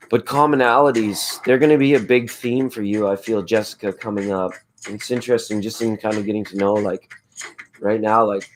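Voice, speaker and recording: A man with a hoarse voice hosting a laid-back late-night tarot livestream, chatting with viewers in a rambling, spiritual way. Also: on the low side, slight background noise. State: hoarse from screaming at a football game. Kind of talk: casual late-night chat reading viewer comments.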